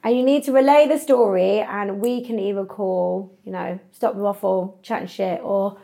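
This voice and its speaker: A young woman hosting a casual podcast, explaining a game briskly and bossily. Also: medium pitch, steady tone, creaky, dark tone. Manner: brisk, bossy explaining with swearing. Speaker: podcast host.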